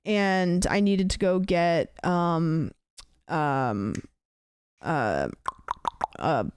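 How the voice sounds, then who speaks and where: Her voice is lowish, expressive and a little mellow, with drawn-out words and a smooth finish. She's an American streamer spinning a long, filler-heavy story with restarts during a casual livestream chat, recorded in studio quality without room sound.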